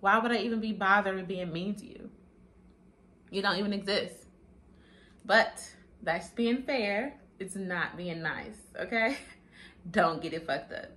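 A woman's voice: medium pitch, measured pace. Sassy, blunt young woman vlogger. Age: 20s. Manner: sassy, blunt, profane, animated. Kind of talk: casual talking-head vlog.

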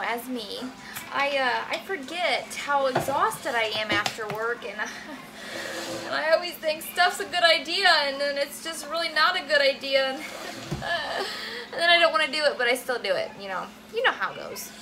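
A young woman talking casually while cooking at home, animated and swearing freely as she asks her viewers "okay?" all the time. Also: high voice, measured pace, noisy background. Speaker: cooking vlogger. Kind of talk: casual chatty cooking vlog.

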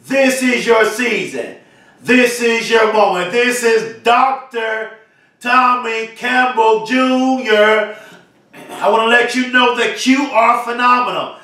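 A man giving a fiery, repetitive motivational speech, often shouting. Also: extremely high pitch, slow, heavy reverb, far from the mic. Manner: fiery, emphatic preaching cadence with repetition. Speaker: motivational speaker.

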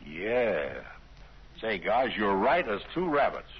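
An actor playing an easygoing young performer and sidekick in a 1950s radio drama. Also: male voice, on the low side, big pitch swings, takes it slowly, breathy edge, exaggerated voice. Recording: dull old radio broadcast with faint hiss.

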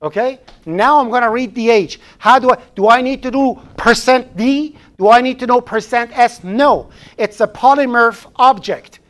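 A man's voice: very high-pitched, normal speed, few pauses, a bit bright. A man teaching a programming class live in a classroom, chatty, often restarting phrases and throwing in joking asides. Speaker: programming instructor.

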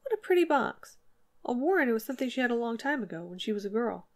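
A woman's voice: a little high, big pitch swings, fast talker. Woman reading as a plainspoken farm wife. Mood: musing. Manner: plain, homespun speech.

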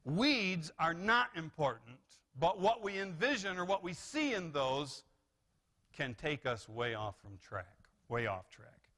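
A male pastor preaching in a church, his voice bright and somewhat higher than most men's. He swings between low, quiet explanation and sudden loud, high exclamations, often restarting his phrases. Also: a little slow. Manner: animated preaching with rises and repeated restarts. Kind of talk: sermon. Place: church sanctuary.

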